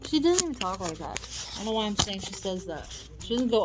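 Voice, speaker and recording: A woman's voice: medium pitch, very animated, quick pace, heavy background noise. A woman chatting to her camera in a casual vlog, self-mocking and laughing often. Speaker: vlogger.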